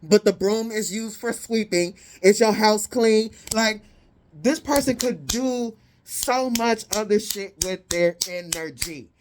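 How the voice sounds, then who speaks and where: A woman giving a casual tarot reading, blunt, profane and sassy, with animated indignant peaks. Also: medium pitch, slow pace, slight background noise. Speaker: tarot reader.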